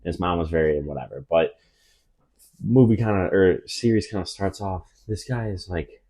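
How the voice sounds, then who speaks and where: A man's voice: low-pitched, normal speed, dark tone. A young man co-hosting a podcast, retelling a story in a loose, rambling way with lots of fillers and restarts. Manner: rambling, many fillers and restarts, drops into mock voices for quotes. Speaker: podcast co-host. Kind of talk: casual storytelling chat.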